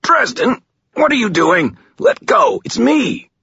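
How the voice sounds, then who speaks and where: A man's voice: big pitch swings, slow pace, creaky, sharp tone, slightly rough, no echo, lo-fi sound, heavily acted. A man doing a panicked young man yelping in pain. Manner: high strained yelps.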